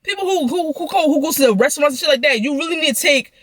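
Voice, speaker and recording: A woman's voice: high-pitched, expressive, fairly bright tone, no room sound. A young woman venting through a profane, heated storytime rant. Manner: heated, profane, rapid ranting.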